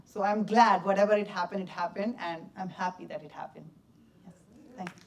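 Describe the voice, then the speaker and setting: Give me a young man telling lively stories at a post-screening Q&A, heard from a distance. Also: high voice, fairly quick, heavy background noise. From India. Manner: lively storyteller, laughs often, simple broken English. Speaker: film subject answering audience questions. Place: cinema or festival hall. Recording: distant from the mic.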